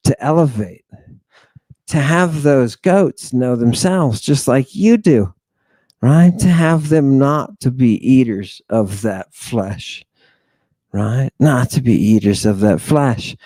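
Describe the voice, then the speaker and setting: A man lecturing late at night in a rambling, sardonic way that speaks directly to listeners. His delivery is very slow, with a dark, mellow tone. The sound is dry and close, with no room echo. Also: mid-range voice, expressive. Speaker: podcast host.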